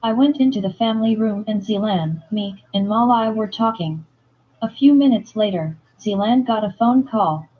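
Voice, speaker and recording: A woman reading a romance novel aloud in first-person narration, plain and steady. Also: medium pitch, moderate pace, breathy edge, narrow, tinny audio. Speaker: audiobook reader.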